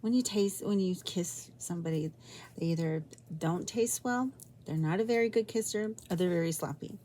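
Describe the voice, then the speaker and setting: Woman, vlogger, personal story, rambling, halting, emotional, mellow voice. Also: fairly low pitch, a little hiss or hum. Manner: rambling, halting, with many restarts; emotional, drifting into soft near-whispers.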